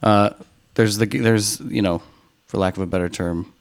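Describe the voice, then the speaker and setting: A man's voice: lowish voice, moderate pace, gravelly. A man co-hosting a casual chat podcast, easygoing and agreeable, talking with many fillers and restarts.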